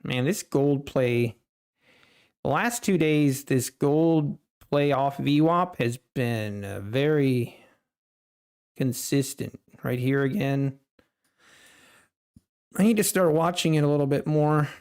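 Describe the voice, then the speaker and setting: A man with a fairly high voice hosts a live trading stream at a slow, relaxed pace. He chats casually with his viewers and laughs often. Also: clear, resonant tone. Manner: chatty, laughs often, talks to chat viewers. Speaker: livestream trading host.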